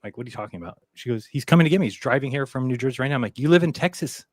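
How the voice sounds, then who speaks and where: A man talking quickly in a loose, rambling way, acting out other people's lines as he tells a story. He swears freely, and his voice sounds dry and close, with no room around it. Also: mid-range voice, expressive, dry recording. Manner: rambling storyteller who acts out quoted dialogue, swears freely. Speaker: podcast guest. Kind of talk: casual conversation.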